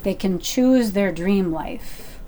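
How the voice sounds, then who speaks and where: A woman sharing personal spiritual revelations, reading her prayer journal aloud in an unhurried, halting way, with fillers and self-corrections. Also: mid-range voice, dark tone.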